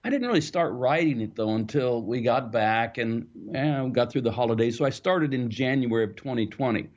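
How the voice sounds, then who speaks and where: A man, an author being interviewed, explaining his ideas in a thoughtful, storytelling way with the odd soft laugh. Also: medium pitch, lively intonation, fairly quick, highs cut off. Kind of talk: reflective interview answers.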